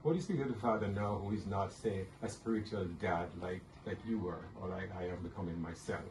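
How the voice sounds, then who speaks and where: A male moderator with a low voice asks his guest questions and murmurs encouragement. The room echoes, and the mic sits well back. Clear background noise runs through the whole recording. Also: brisk. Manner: encouraging, frequent affirming murmurs. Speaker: host and moderator. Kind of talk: interview questions. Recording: roomy, distant mic with noise.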